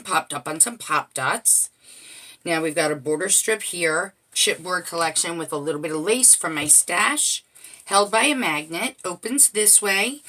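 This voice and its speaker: A woman with a bright, clear tone and a slightly low voice gives a casual show-and-tell of her craft album. She talks in a chatty way, naming each detail as she turns the pages. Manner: chatty, walking through each page item by item. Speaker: crafter showing a handmade album.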